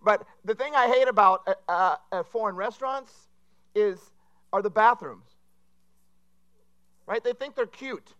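Bright-voiced pastor telling jokes. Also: male voice, sits high, unhurried, pauses often, smooth, muffled recording. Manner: rambling, self-deprecating joke-telling. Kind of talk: humorous sermon.

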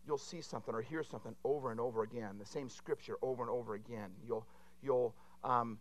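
A man preaching a sermon in an animated, conversational way, often checking in with his listeners. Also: mid-range voice, fast. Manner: animated and conversational, with frequent asides to the audience.

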